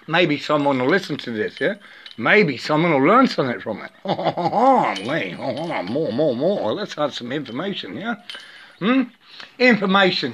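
Slow, higher-voiced man chanting. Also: fairly bright tone. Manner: chants wordless syllables, tags sentences with "yeah?", stammers and repeats words. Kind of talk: rambling spiritual monologue with chanting. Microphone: phone.

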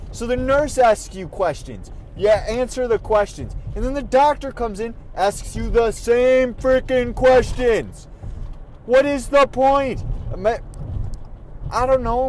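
Irritated man, high voice, profane driving rant, in a car with light traffic hum. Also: a little mellow, low-quality recording. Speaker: vlogger. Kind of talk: ranting while driving. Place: in a car on the road.

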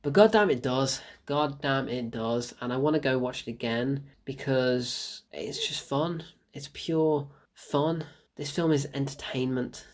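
Excitable laughing male film reviewer. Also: medium pitch, unhurried. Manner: excitable, laughs often, repeats himself for emphasis.

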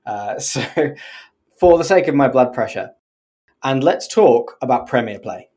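Speaking a little slowly, this podcast co-host has a very deep, dark-toned voice with lively intonation. She chats casually while explaining the rules, laughing a lot, occasionally cursing, and doing silly accents on individual words.

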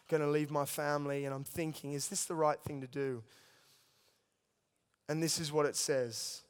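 Young male preacher, storytelling testimony, smooth and resonant, big reverberant hall. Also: a little high. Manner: storytelling, earnest, addresses listeners as guys. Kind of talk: sermon testimony.

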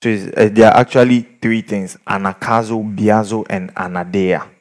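A man's voice: lowish voice, normal speed. A man preaching a sermon, telling stories and acting out the people in them. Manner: animated storytelling, acts out quoted people.

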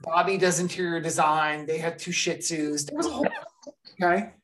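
Hosting a podcast, a woman spins a long story in a casual, animated way, performing the voices of those she quotes. She talks a little fast in a voice on the low side. There's slight background noise.

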